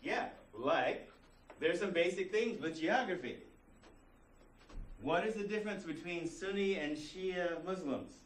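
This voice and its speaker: A man's voice: high voice, lively intonation, measured pace, a little hiss or hum. A man teaching a college class in a conversational way, full of rhetorical questions. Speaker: college instructor. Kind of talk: classroom lecture. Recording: roomy classroom recording from a distance.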